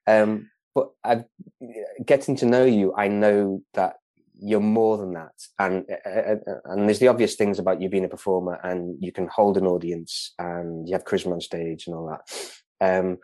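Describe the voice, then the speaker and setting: A man from England chatting casually in a low, dry-sounding voice. He hesitates a lot, restarting sentences and filling gaps with ums. Laughter breaks into his talk. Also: fairly even intonation, moderate pace, warm tone, no room sound. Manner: hesitant, many restarts and fillers, laughs often. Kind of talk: casual chat.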